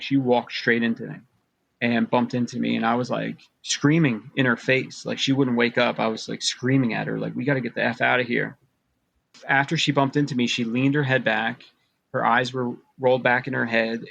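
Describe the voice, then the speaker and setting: Man, 30s, gravelly, dry close sound; rambling storyteller, heavy on "like". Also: mid-range voice, fairly bright tone, no echo, muffled recording. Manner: rambling, restarts often, uses "like" a lot. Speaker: guest, author recounting abduction experiences. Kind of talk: casual storytelling.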